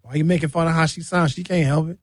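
A man's voice: on the high side, fairly even intonation, quick pace, dry recording. A man hosting a radio show, rambling through a bawdy comic monologue. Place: radio studio.

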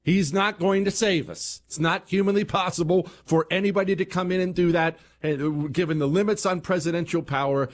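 A man's voice: fairly even intonation, brisk, few pauses. Emphatic male talk radio host. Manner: emphatic, rising to heated peaks then dropping low.

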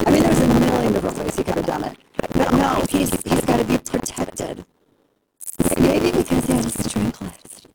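Sarcastic woman talk-show host, gravelly. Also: fairly high pitch, moderate pace. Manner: sarcastic, animated, mocking. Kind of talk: opinionated talk show rant. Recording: noisy broadcast audio.

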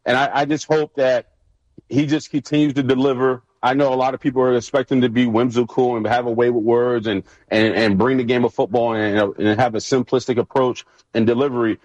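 Animated man telling football stories. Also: mid-range voice, a little fast, no room sound, dull audio. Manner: animated storyteller, acts out coaches' yelling. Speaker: guest, former pro football player. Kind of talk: casual storytelling on a radio show.

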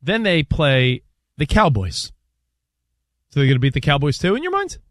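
A man co-hosting a sports talk show, excitedly walking through a team's schedule in casual debate. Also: a little high, moderate pace, no echo, clean studio sound.

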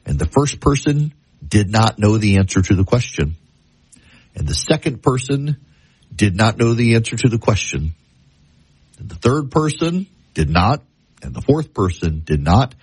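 A man hosting a talk show, speaking in a deliberate, emphatic way and repeating phrases to tell a story and give commentary. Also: fairly low pitch, big pitch swings, darkish tone, slightly rough, no room sound. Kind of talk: talk radio monologue.

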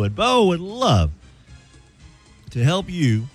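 Playful, lively morning radio host, a man. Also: mid-range voice, takes it slowly, soft background music. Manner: playful, jokey, with ad reads. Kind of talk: morning radio show banter. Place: radio studio.

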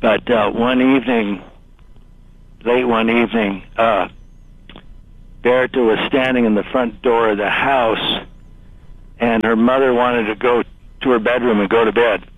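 A man calling into a radio show, telling a ghost story in a halting, hesitant way. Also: mid-range voice, fairly even intonation, dry recording. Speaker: caller. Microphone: telephone. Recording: dry phone line.

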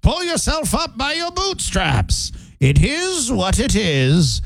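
A man putting on the voice of a grumbling elderly man who is set in his ways, speaking in a creaky, drawn-out old-person voice. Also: extremely high pitch, wildly swooping pitch, dry recording, voice pushed up, exaggerated voice.

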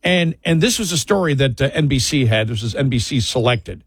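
Radio co-host guy in the studio, kinda husky, dry close mic, rambles and chuckles along. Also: medium pitch, lively intonation, fairly quick, dry recording. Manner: rambling, amused, restarts sentences. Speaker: radio talk show co-host. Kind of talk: casual talk radio chat.

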